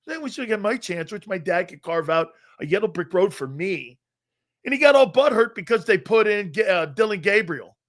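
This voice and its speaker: Loud, animated man hosting sports talk. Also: high-pitched, normal speed. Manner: loud, profane and animated, mocking others in put-on voices. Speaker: sports talk show host. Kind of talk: unscripted sports rant.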